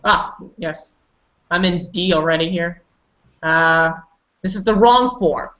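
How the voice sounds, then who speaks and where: A woman's voice: on the low side, slow pace, a bit bright, highs cut off. A woman teaching English pronunciation, patiently correcting students and calling on them by name. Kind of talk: online pronunciation lesson.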